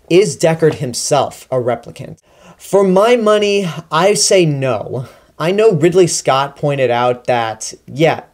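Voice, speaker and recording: A man hosting his own movie review channel, talking casually and with plenty of opinion, adding animated emphasis on his key points. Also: on the high side. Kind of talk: casual spoken film review.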